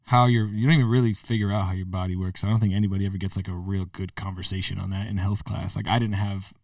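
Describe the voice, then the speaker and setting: A young man co-hosting a podcast in casual chat, with quick reactions and crude jokes. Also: low voice, flat delivery, a little mellow, no echo, clean studio sound, distant mic. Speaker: podcast co-host.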